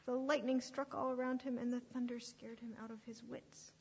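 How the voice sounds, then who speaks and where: A woman reading a story aloud to children at church, expressive and sometimes dropping to a hushed whisper. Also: a little high, moderate pace, breathy edge. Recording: echoey hall, dull lo-fi sound.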